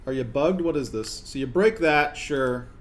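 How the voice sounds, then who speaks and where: During a live colony-game stream, a young man talks to his characters, alternately cajoling them and sounding fed up. He has a mid-range voice with lively intonation at a normal speed.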